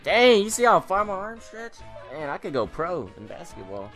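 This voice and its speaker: Excitable teen boy gaming commentator. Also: high-pitched, moderate pace, soft background music. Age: teens. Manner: excitable, rambling, self-mocking. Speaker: gaming channel host. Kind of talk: gameplay commentary.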